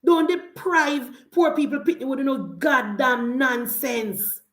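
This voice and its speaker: A fiery Jamaican woman gives a heated political rant, sliding between thick patois and standard English. Her voice sits fairly high. The room is echoey. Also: slow, fairly bright tone. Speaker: political commentator.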